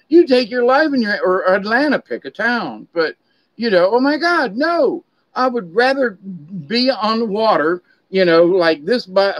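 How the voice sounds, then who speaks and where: A man's voice: sits high, a bit bright, dry recording. A middle-aged man from Florida, telling stories in a rambling, chatty way and drifting off on tangents. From Florida, USA. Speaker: vlogger. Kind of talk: rambling casual monologue. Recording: slightly dull, dry recording.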